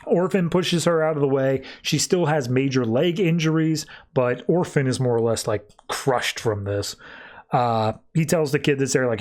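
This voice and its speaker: A man hosting a podcast, casually recapping a comic's plot with loose, lively quoted dialogue. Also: mid-range voice, normal speed. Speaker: podcast host.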